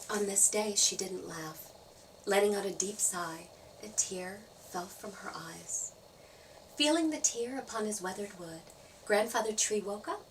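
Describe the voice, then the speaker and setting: A woman storyteller reading a children's story aloud, playful and expressive. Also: mid-range voice, unhurried, distant mic, a little hiss or hum, rough recording. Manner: expressive, playful sound effects.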